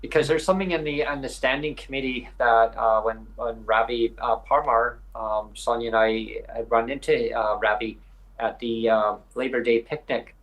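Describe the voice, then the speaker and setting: A man's voice: mid-range voice, fairly even intonation, normal speed, a bit bright, low-quality recording. A man from British Columbia, Canada, hosting a live podcast. He talks in a rambling, emphatic way with many hesitations. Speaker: podcast host. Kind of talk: live podcast advocacy talk.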